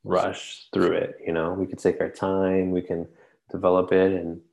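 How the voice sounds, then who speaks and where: A man's voice: sits low, completely flat delivery, normal speed, gravelly, a little mellow, poor audio. A man co-hosting a faith podcast, chatting casually and rambling with frequent restarts and hesitations. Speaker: podcast co-host. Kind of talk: casual chat.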